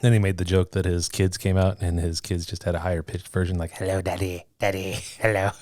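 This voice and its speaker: Man, very low voice, dry sound, casual joking podcast chat. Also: normal speed, darkish tone, no echo. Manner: jokey, laughs often, puts on a deep movie-trailer voice. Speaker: podcast co-host.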